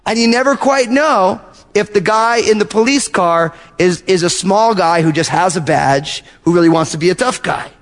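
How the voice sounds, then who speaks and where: A man pastor preaching a sermon, telling animated stories and acting out little asides to his congregation. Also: sits high, big-room sound. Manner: animated storytelling with acted-out asides.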